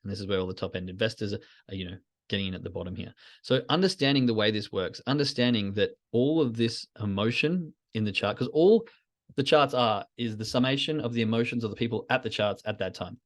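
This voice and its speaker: A man teaching trading in a casual podcast lesson, walking through a chart and acting out the thoughts of anxious traders in quick asides. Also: mid-range voice. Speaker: trading educator.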